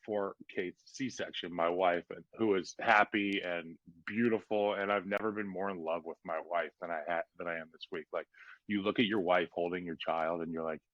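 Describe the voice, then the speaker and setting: A man in his thirties, a podcast guest, telling a personal story in a casual, animated way with lots of fillers. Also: low voice, moderate pace, no room sound. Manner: animated, lots of "like" and "you know". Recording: dull lo-fi podcast audio.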